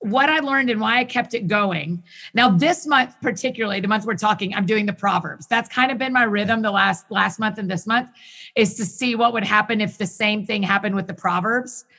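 Bright, eager woman podcast guest. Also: mid-range voice. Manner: enthusiastic, rapid bursts with frequent restarts. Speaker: podcast guest who hosts her own show. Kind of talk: casual conversation.

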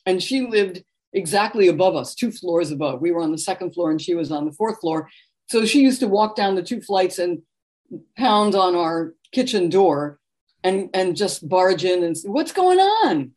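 Animated middle-aged woman telling stories. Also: on the low side, normal speed. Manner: animated anecdotal storyteller, warm laughs. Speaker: author and interview guest. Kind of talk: conversational interview storytelling.

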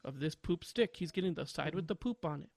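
A young man co-hosting a podcast, rambling and laughing loudly at his own stories. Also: on the high side, animated, a little fast, creaky, no room sound. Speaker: podcast co-host. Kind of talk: casual podcast chat.

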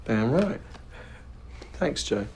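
An actor playing a quiet, sympathetic young man who gives brief replies. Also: medium pitch, big pitch swings, very slow, creaky, slight background noise, exaggerated voice. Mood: subdued.

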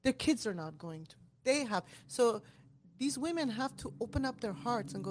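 A woman in her forties, telling personal stories as an interview guest in a quick, expressive way, switching between English and Armenian. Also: a little high. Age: 40s. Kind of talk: candid personal storytelling.

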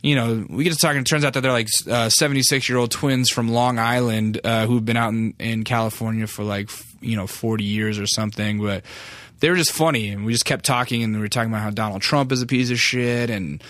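A young man tells a long story in a loose, rambling way, full of swearing and "like" fillers. His voice sits at an ordinary mid pitch. The sound is dry and close, with no room echo. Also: steady tone, fast talker, a bit bright. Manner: rambling, profane, lots of "like" fillers. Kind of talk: casual storytelling.

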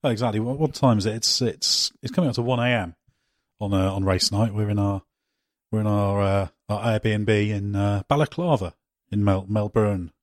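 A man's voice: lowish voice, normal speed, no room sound, studio quality. A man hosting a motorsport podcast in a casual, jokey way, often restarting his sentences. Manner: jokey, teasing, frequent restarts. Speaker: podcast host.

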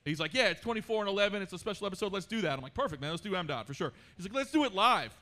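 Male live-podcast co-host, high bright voice, rambling and profane. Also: lively intonation, rapid-fire. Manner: rambling storyteller, swears a lot. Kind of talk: live podcast banter on stage. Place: comedy club stage with a live audience.

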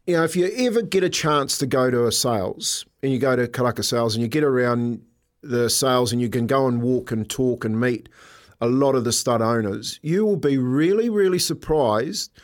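An older man co-hosting a casual radio chat, telling stories and laughing often. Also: mid-range voice. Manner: chatty storyteller, laughs often. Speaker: co-host.

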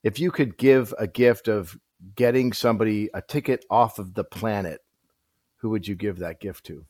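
A producer, a man with a low voice, asks a question in a relaxed chat. He pauses and hesitates, and the sound is dry with no room echo. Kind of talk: casual chat.

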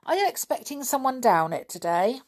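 A woman's voice: fairly high pitch, very animated, moderate pace, voice pushed up. Mister Whiskers, a woman playing a chatty old elf. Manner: fussy, chatty, jokey. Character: kindly old male elf with long beard.

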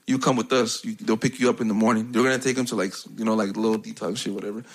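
A man's voice: fairly low pitch, steady tone, very fast. A young man from the United States telling stories in casual chat, rambling, slangy and profane, often laughing.

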